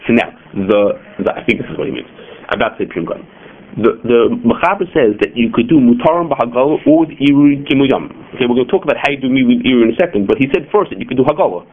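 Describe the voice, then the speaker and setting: A man teaching a class on religious law, explaining quickly with frequent "okay" and "you know" asides. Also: medium pitch, expressive. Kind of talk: classroom lecture. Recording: tinny phone-like lo-fi recording.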